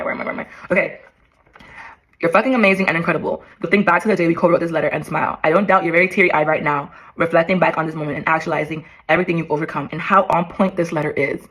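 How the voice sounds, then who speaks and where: A woman's voice: deep voice, steady tone, fast talker, fairly bright tone, poor audio. A young woman in her twenties vlogging as she reads an old letter to herself aloud, emotional, swearing and laughing in disbelief.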